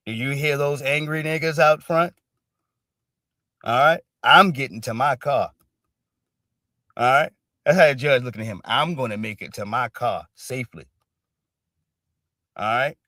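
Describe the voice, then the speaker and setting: A man giving off-the-cuff livestream commentary in a blunt, profane, emphatic way, dropping "all right" between every few words. His voice sits at an ordinary pitch for a man, and the recording is dry and close. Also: unhurried, long pauses, bright, forceful tone, dry recording. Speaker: stream commentator.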